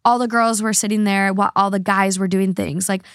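Reading online comments on her podcast, this host sounds a little tipsy, stumbling over slips and fillers as she rambles casually. She talks briskly in a mid-range voice with fairly even intonation, and the studio-quality recording has no room sound.

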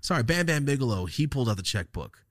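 Profane, lively-voiced man telling stories. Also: medium pitch, fast, no room sound, studio quality. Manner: profane, rambling, acts out quotes. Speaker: podcast host. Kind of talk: casual storytelling chat.

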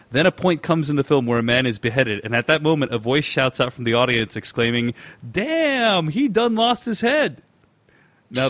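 Halting male podcast host. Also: medium pitch, fairly bright tone. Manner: halting, many filler sounds. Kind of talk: casual podcast chat and reading listener email aloud.

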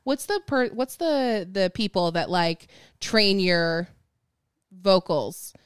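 A woman's voice: medium pitch, lively intonation, takes it slowly, clean tone, no room sound, studio quality. A woman co-hosting a podcast, chatting casually in a living room, rambling with lots of fillers and the odd swear. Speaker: podcast co-host. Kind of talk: casual chat.

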